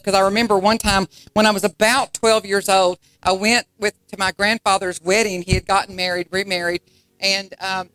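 A woman's voice: fairly low pitch, low-quality recording. Woman preaching her testimony. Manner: storytelling, with shouts of praise. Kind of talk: sermon testimony.

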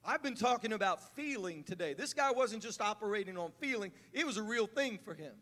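A man preaching a sermon as pastor, building from calm teaching to fervent, rising delivery. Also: high-pitched, a little fast. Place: church sanctuary. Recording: church hall reverb.

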